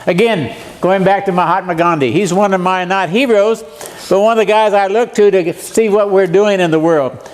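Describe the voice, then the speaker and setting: A man's voice: sits high, moderate pace, a little mellow. A man in his seventies, a guest preacher giving a seminar sermon in a church, folksy and joking, often putting questions to his audience. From USA. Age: 70s. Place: church meeting room.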